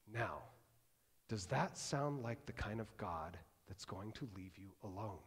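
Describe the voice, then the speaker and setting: A man preaching a sermon as pastor, conversational and animated, swinging between loud and hushed. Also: fairly high pitch. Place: church sanctuary. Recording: long church reverb.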